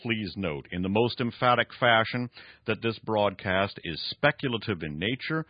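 A man with a low voice hosts a radio commentary, his pitch rising and falling freely as he works through hesitant asides. The sound is dry and dull, with a lo-fi broadcast tone. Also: animated, moderate pace, dry recording. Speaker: radio host. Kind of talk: commentary with read-aloud excerpts.

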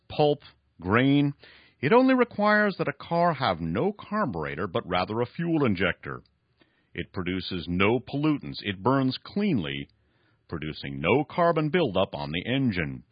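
A frail old scientist, put on by a male radio host, rasps out lectures in a raised, lively voice, proud of himself and short of breath. The sound is dry and dull, like lo-fi broadcast audio. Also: medium pitch, no echo, voice pushed up.

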